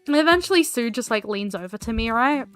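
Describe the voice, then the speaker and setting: A woman's voice: a little high, animated, quick pace, fairly bright tone, faint music behind. A woman streamer telling a story casually while she draws, rambling with lots of fillers and swearing.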